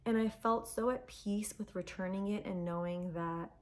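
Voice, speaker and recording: A woman shares a personal reflection in a casual home vlog, speaking earnestly and with feeling. Her pitch sits in a middle range. She talks into a phone in a quiet room at home. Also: normal speed. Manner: earnest and animated, acts out quoted dialogue. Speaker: self-development vlogger. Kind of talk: casual personal talk to camera. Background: dog and traffic sounds at times.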